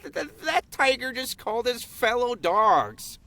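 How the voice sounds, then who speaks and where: A man's voice: extremely high pitch, very animated, unhurried, sharp tone, dry recording, voice pushed up, heavily acted. A man doing a yappy, alarmed dog. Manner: yappy, protective, indignant.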